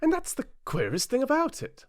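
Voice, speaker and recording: A man with a British accent voicing a fussy, nervous male rabbit courtier in a high, fluttery voice for an audiobook. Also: huge pitch swings, a little fast, dry recording, clean studio sound, full character voice. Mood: anxious, fussy. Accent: British English. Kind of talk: audiobook character voice.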